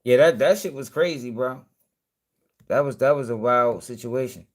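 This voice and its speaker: A man's voice: medium pitch, normal speed. A man telling a long, rambling story in casual talk, full of swearing and check-ins with his listeners. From Baltimore, USA.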